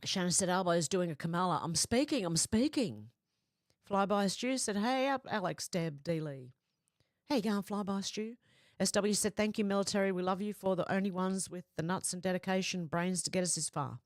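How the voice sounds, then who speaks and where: In a lowish voice and at a slightly quick clip, a woman reads her livestream chat aloud in a chatty, giggly way. She's right up on a desk microphone, and there's no room sound.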